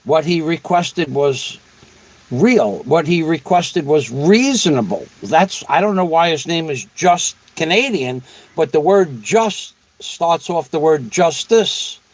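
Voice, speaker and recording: A man's voice: on the high side, animated, a little slow, rough recording. Blunt, profane male livestream host. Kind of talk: casual livestream chat reading comments.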